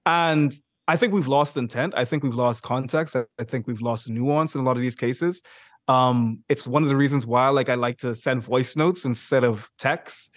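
A man in a casual podcast conversation, talking in an animated way with many "like" fillers and easy laughter. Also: medium pitch, moderate pace, no room sound, studio quality. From Bahamas. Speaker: podcast guest, YouTuber.

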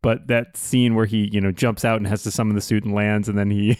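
Man, low voice, fannish, amused, casual podcast chat. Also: little pitch movement, a little fast, a little mellow, smooth, dry recording, clean studio sound. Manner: fannish, laughing while recounting. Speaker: podcast panelist.

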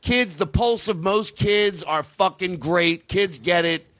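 A man hosting a comedy podcast, ranting in a profane, excitable, rambling way. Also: high-pitched, slow, no room sound. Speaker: podcast host. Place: podcast studio.

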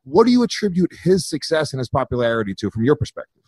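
A man hosting a podcast, asking questions in a quick, sweary, casual way. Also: on the high side, very animated, darkish tone, slightly rough, no echo. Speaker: podcast host.

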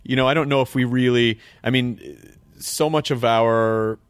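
A man's voice: medium pitch, fairly even intonation, smooth, dry recording. Joking male host. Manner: joking, halting. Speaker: talk show host. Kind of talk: casual chat.

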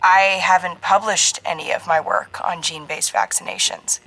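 A woman reading a slightly hoarse, guarded scientist. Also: on the low side, steady tone, normal speed, sharp tone, low-quality recording. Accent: faint American West Coast. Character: cautious woman scientist, older sounding.

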